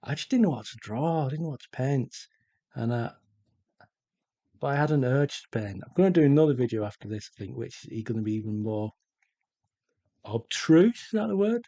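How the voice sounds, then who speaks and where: A middle-aged man chatting casually while he paints, slow and rambling with many pauses. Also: mid-range voice, sing-song, mellow, dry recording, dull audio. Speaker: art vlogger.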